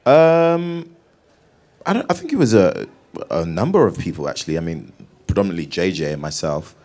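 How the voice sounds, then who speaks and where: A man's voice: low-pitched, sing-song, normal speed, a little mellow. A British man, an actor, answering interview questions on stage in a playful way, laughing and restarting his sentences. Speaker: actor guest.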